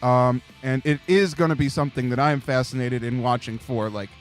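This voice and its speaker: A man's voice: mid-range voice, brisk, soft background music. A male co-host in a casual sports chat, talking eagerly with lots of filler words.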